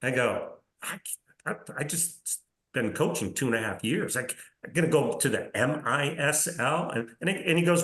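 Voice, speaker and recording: A man in his sixties, a podcast guest telling career anecdotes in a casual, animated way, often acting out reported dialogue and checking in with "right?". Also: mid-range voice, moderate pace. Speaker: interview guest, soccer league commissioner. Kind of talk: casual storytelling in a podcast interview. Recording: roomy echo.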